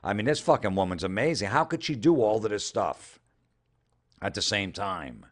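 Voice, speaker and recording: A man's voice: lowish voice, animated, moderate pace. A man doing comedic commentary as he reads social media posts aloud, sarcastic and incredulous, with frequent swearing. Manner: sarcastic, incredulous, profane ranting. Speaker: comedian host.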